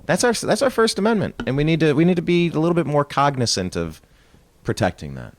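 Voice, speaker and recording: A man hosting an interview, speaking in a measured, reflective way and often trailing off quietly. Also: a little high, very animated. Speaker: interview host. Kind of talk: casual interview chat.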